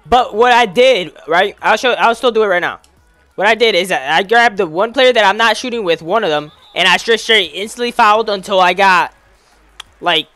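A young man talks through a basketball video game in relaxed slang, cheering on his players and hollering at misses. His voice sits high and sounds bright and smooth. It is recorded close and dry, with faint music playing underneath. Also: no echo. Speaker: gaming YouTuber. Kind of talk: casual gameplay commentary.

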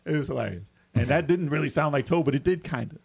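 A man hosting a podcast in casual chat, animated and laughing as he rambles through his retellings. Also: a little high, quick pace, creaky, a crowd in the background. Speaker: podcast host.

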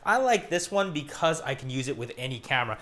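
A man's voice: a little high, sing-song, fast talker, fairly bright tone. A man vlogging casually on a lavalier mic, chatty and playful as he shows off his gear. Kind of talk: casual vlog chat. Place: outdoors at a car wash.

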